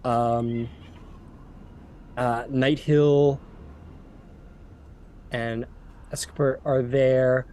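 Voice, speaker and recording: A man's voice: mid-range voice, little pitch movement, very slow, pauses often, a little mellow, slight background noise. A man narrating as game master in a tabletop game, talking casually and loosely. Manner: casual, rambling with fillers.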